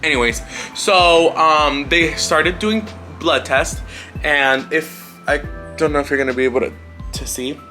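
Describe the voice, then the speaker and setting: A man's voice: a little high, measured pace, bright, forceful tone, faint music behind. A young man around twenty telling a personal story in a casual vlog, rambling and blunt with lots of swearing and filler words. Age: young adult, about 20. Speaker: vlogger. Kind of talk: casual storytelling life update.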